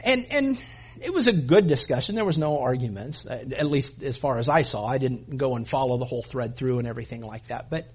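A man's voice: medium pitch, expressive, a little fast, darkish tone, breathy edge. A man preaching a sermon as a pastor, speaking emphatically, building intensity and addressing the congregation directly. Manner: calls the congregation "gang", acts out voices.

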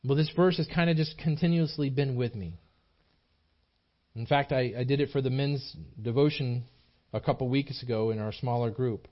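A man's voice: mid-range voice, normal speed. Guy preaching in a small church, earnest and emphatic, muffled lo-fi recording. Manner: earnest, repetitive, emphatic delivery with frequent restarts. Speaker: pastor. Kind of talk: sermon.

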